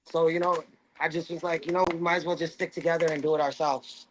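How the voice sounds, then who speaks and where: A man's voice: a little high, level tone, quick pace, a little hiss or hum, low-quality recording. A man who owns a deli, talking earnestly and upbeat about his family business while serving customers. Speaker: deli owner. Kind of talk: casual chat while serving.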